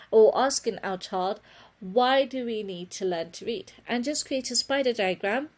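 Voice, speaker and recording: A woman presenting a webinar on children's reading, speaking earnestly and often correcting herself with a quick apology. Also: fairly high pitch. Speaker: reading teacher giving a webinar.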